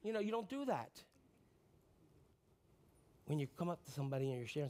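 A man preaches a sermon in a somewhat high voice. His delivery is animated, with loud bursts that drop to near-whispers. He asks the congregation questions and answers them himself. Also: fairly quick, pauses often. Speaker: pastor.

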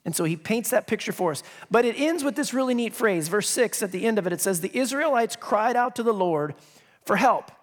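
A man's voice: sits high, lively intonation, fairly quick. A male pastor preaching a sermon in a conversational way, reading scripture with emphasis and dropping joking asides. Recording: long reverb of a large hall.

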